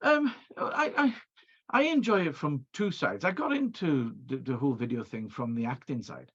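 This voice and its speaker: A man's voice: mid-range voice, expressive, moderate pace, fairly bright tone, breathy edge, muffled recording. A middle-aged Welsh man, a video producer, chatting over a video call and telling stories with many restarts. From Wales. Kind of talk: casual interview chat.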